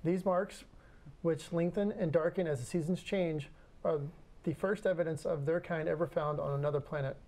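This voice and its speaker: A man's voice: on the high side, steady tone, a little mellow. A young man co-hosting a podcast, presenting science news eagerly and stumbling a little when off script. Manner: eager, slightly halting when unscripted. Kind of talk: casual news chat.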